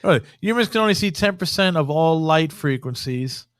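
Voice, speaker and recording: Guy on a podcast mic rambling thru a ghost story, cussing constantly, kinda high voice, dry sound. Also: moderate pace, dry recording. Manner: profane, rambling, animated storyteller. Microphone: podcast studio mic.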